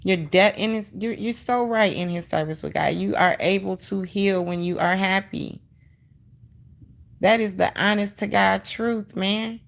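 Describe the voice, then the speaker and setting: Middle-aged woman, livestream host, gravelly voice, emphatic, sassy, repeats her points, chats with viewers. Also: medium pitch, unhurried. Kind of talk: casual livestream chat, reading viewer comments.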